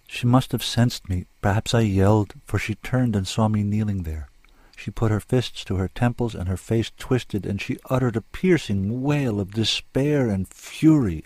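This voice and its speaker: Low-voiced man reading a story intensely. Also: a little mellow, no room sound. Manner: intense, lyrical, sombre. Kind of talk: scripted story narration.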